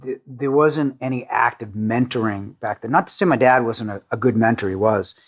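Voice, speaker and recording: A middle-aged man from the Boston area, a company CEO, talking casually in an interview, with frequent restarts and fillers. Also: medium pitch. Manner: halting, many restarts and fillers, self-deprecating.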